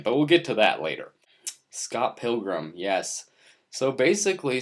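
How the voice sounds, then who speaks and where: A young man talks straight to the camera, rambling through his thoughts in a goofy, playful way. His voice swings up and down a lot, full of lively bursts. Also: lowish voice. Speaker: vlogger. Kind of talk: unscripted monologue to camera.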